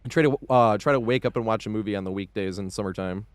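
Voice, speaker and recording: Fairly low-pitched and smooth, this man's voice moves fast and has no echo. During a live game stream he talks casually with his audience, swearing freely, breaking into frequent laughter, and thanking supporters as the game goes on.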